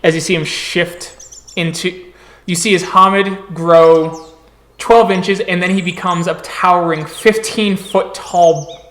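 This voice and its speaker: Slow-narrating male game master. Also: sits high, steady tone, fairly bright tone.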